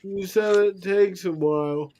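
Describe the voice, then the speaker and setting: A high-voiced man teases his friends in an easygoing chat. He talks slowly, and faint noise sits behind his voice. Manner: teasing banter.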